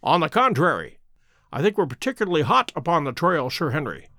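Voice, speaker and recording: A man voicing a keen, self-assured detective who speaks crisply and precisely, in a dry close recording. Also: on the high side, huge pitch swings, brisk, bright, forceful tone, no room sound, heavily acted. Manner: crisp, precise and pleased with himself.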